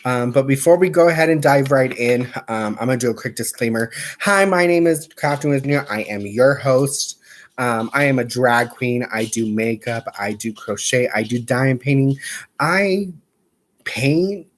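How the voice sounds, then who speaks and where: A man's voice: medium pitch, normal speed. Sassy, chatty man hosting a craft stream. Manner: chatty and sassy, with playful asides. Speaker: crochet livestream host. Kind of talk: casual livestream chat.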